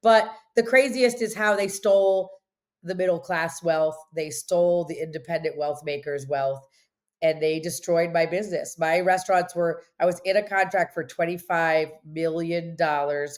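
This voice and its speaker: A woman's voice: low voice, fairly even intonation, moderate pace. A woman guest in an interview, telling her story emphatically and often saying "like" as she talks. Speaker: interview guest, restaurant owner. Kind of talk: candid conversational interview.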